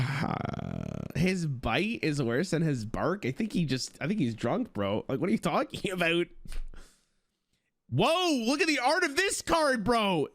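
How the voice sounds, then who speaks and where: Male streamer, slightly high voice, very animated pitch, excitable and profane while reviewing cards for chat. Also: vocal fry. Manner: excitable, swears, thinks aloud. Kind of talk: casual live card review to chat.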